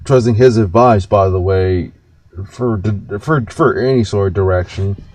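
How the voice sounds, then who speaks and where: A man's voice: lowish voice, unhurried, darkish tone, no room sound. A man in his twenties ranting in reaction commentary, stammering, restarting his words and swearing freely. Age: 20s. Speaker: commentary host reacting to a video.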